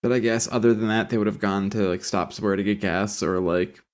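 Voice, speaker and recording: A man's voice: lowish voice, fairly even intonation, fast. A man co-hosting a podcast in casual chat, joking and acting out quoted lines. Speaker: podcast co-host.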